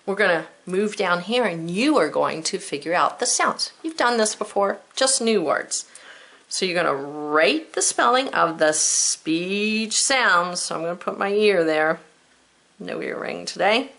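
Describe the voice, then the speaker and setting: A woman's voice: on the low side, animated, measured pace, gravelly, a bit bright. A woman teacher giving a recorded spelling lesson to children, patient and encouraging, stretching out the sounds of words.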